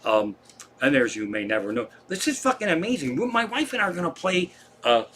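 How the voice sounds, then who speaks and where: A man's voice: a little high, sing-song, fairly quick, a bit bright, slight background noise. A man hosting a comedy live stream from home, telling rambling, profane stories in casual chat.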